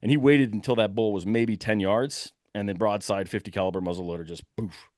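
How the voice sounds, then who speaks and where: A young man telling a hunting story in a lively, casual way, acting out the shouts of the people in it. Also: on the low side, fairly quick, dry recording, studio quality. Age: young adult. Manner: animated, breathless retelling with quoted shouts.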